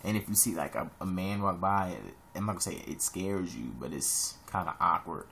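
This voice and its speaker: A young man from Ohio talks to his camera in a low, gravelly voice. He rambles through casual advice, jumping suddenly up high for emphasis. A faint hiss sits under the home recording. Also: moderate pace. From Columbus, Ohio. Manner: rambling, animated, sudden high-pitched jumps. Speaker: vlogger giving advice.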